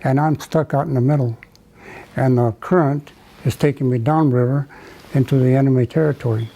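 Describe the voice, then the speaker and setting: An older man from the United States, telling a wartime memory in an oral history interview, halting with many fillers and restarts. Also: medium pitch, steady tone, vocal fry, warm tone, low-quality recording. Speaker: veteran interviewee.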